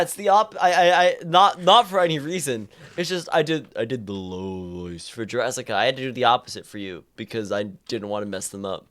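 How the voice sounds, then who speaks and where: A man's voice: mid-range voice, a little fast, hardly any pauses, fairly bright tone. A young man streaming live, chatting casually and rambling with lots of stammered restarts.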